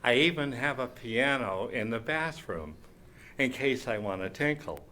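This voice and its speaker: A man doing a bright, flamboyant showman pianist. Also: mid-range voice, expressive, unhurried, slight background noise, pitched below the performer's own voice. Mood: playful. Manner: jokey stage patter with puns. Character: flamboyant showman pianist, male, playful and camp. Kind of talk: stage impression of a celebrity.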